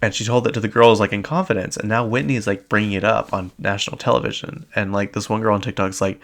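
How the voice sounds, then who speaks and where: A man's voice: on the low side, fairly quick, fairly bright tone. A man hosting a podcast, chatting casually and rambling with lots of fillers. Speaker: podcast host. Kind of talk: casual recap chat.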